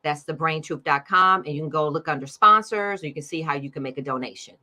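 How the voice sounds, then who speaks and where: A woman's voice: deep voice, quick pace, sharp tone. A middle-aged woman hosting her own show, talking in an upbeat, chatty way and laughing often. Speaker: podcast host. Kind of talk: casual livestream chat.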